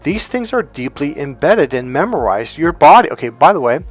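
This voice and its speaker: A man speaking as a relationship coach in a motivational monologue, emphatic and animated, often acting out other people's voices. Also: a little high, normal speed, faint music behind.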